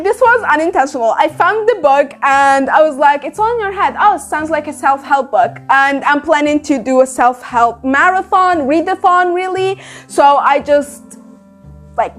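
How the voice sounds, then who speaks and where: A chatty, candid woman with a high voice, reviewing a book to camera in loose, casual talk. She swears freely and breaks into laughter, and faint music plays behind her. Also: a bit bright. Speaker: book vlogger.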